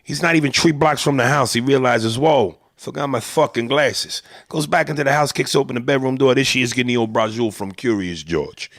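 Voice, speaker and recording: A man's voice: mid-range voice, fairly quick, few pauses, fairly bright tone, no echo, studio quality. A man voicing a crude, blunt old-school Italian-American man with a New York Italian-American accent, profane and brash. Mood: gossiping. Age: older.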